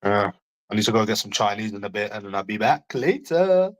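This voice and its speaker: A man's voice: on the low side, sing-song, fairly quick, low-quality recording. A man with a London accent chatting casually to viewers on a livestream, blunt and mocking, swearing often.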